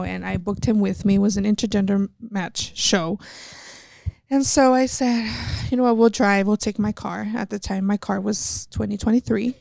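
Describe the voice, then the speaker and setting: A woman's voice: medium pitch, vocal fry, a little mellow, no room sound. A young woman from Texas, a professional wrestler, telling a personal story step by step in a candid interview. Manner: earnest, retelling events step by step.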